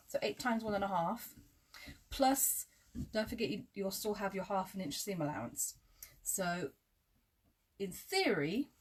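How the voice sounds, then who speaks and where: Lady doing a live quilting tutorial, a bit breathy, chatty, wanders off into little asides. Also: mid-range voice. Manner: talks through measurements step by step. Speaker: quilting teacher.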